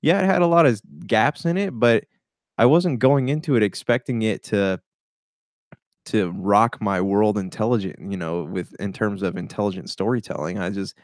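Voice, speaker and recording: A laid-back man co-hosting a casual movie talk, hesitant and filling his speech with "uh" and "man". His voice is fairly low. The recording is dry and close, with no echo. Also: normal speed. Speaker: movie podcast co-host. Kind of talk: casual movie review chat.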